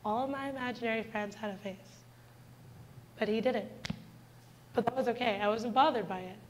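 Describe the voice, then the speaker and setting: A woman's voice: a little high, moderate pace, a little hiss or hum, poor audio. A woman in her twenties giving a heartfelt personal testimony in a church, speaking earnestly and directly to the congregation. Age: 20s.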